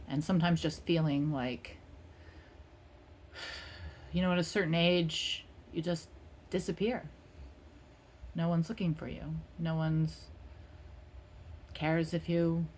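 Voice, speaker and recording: A woman's voice: lowish voice, slight background noise. A middle-aged woman from California giving a casual tarot reading, playful and rambling with frequent laughs. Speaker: tarot reader.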